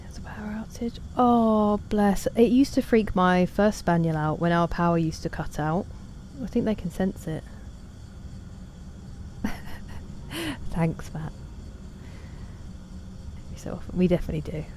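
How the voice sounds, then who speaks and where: A woman's voice: on the low side, a little slow, long pauses, darkish tone, slight background noise. A woman chatting casually while streaming a game, reading and answering chat in a self-deprecating way.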